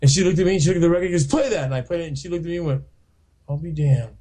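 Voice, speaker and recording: A man's voice: on the high side, racing, dark tone. A man in his fifties, a rock guitarist from San Francisco, telling rambling, profane stories with frequent laughs in a casual radio interview. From San Francisco, California.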